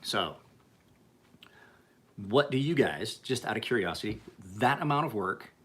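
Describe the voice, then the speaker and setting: A man's voice: on the low side, expressive, unhurried, a bit bright, husky. A man who sharpens and refinishes knives, chatting casually and profanely with viewers on a livestream. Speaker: knife sharpener.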